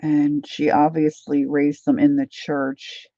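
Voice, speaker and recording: A middle-aged woman talks in a low, mellow voice with a level tone and slow pace while livestreaming her painting. She chats casually, greets viewers by name, and laughs often, in a dry recording with slightly dull lo-fi quality.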